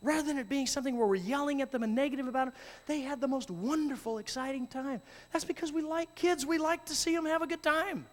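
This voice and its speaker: A man telling lively stories to an audience as a youth ministry speaker, acting out voices and shouting at times. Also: very high-pitched, quick pace, few pauses. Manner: animated, acts out voices and shouts. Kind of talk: storytelling talk to an audience. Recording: long hall reverb.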